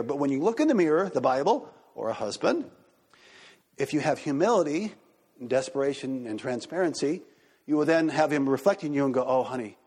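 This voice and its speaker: A man pastor teaching a church group and taking questions, animated and acting out quoted voices. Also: on the high side. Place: church hall. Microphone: handheld microphone. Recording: reverberant hall.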